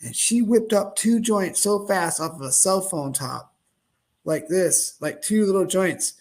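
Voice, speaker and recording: A middle-aged man telling a casual story in an animated way, acting out the voices of the people in it. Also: high-pitched, measured pace. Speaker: host, product owner.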